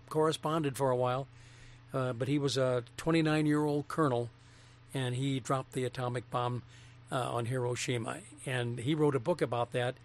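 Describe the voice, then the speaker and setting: A veteran broadcaster reminiscing earnestly about people he met during his career, in casual chat. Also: mid-range voice. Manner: reminiscing, earnest, with small restarts. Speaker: broadcaster and former TV interviewer.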